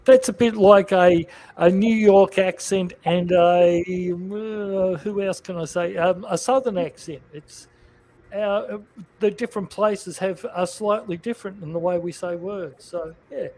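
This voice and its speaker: A man's voice: high voice, fairly even intonation, measured pace, a little mellow, low-quality recording. A man with an Australian accent, chatting casually and hesitantly in an online group video call. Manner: chatty, hesitant, with many fillers. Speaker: regular of an online chat group. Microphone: computer mic on a video call.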